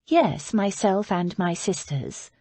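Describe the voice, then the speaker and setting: A woman voicing a polite, soft-spoken young gentlewoman. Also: medium pitch, lively intonation, slow pace, no room sound.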